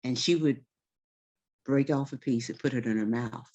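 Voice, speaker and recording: Relaxed woman storyteller. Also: rumbling low, moderate pace. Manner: relaxed, folksy, vivid detail. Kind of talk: conversational oral storytelling. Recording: slightly dull recording.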